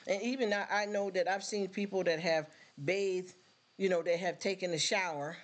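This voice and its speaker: A woman's voice: lowish voice, fairly even intonation, moderate pace. A woman chatting casually to viewers on a livestream, rambling and earnest, often turning to ask if they follow her. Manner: emotional, near tears when thanking viewers.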